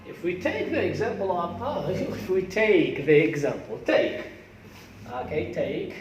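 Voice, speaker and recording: An English teacher with an Algerian accent, a man whose first language is Arabic, giving a classroom pronunciation lesson and slowly repeating words aloud to drill them. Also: sits high, sing-song, faint music behind. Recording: echoey classroom from far off.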